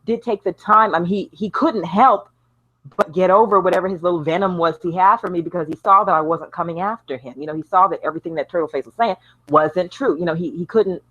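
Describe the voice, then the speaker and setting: A woman's voice: on the low side, fast, fairly bright tone, dull audio. A woman hosting a casual online chat show, talking bluntly and laughing often over a voice call. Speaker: show host.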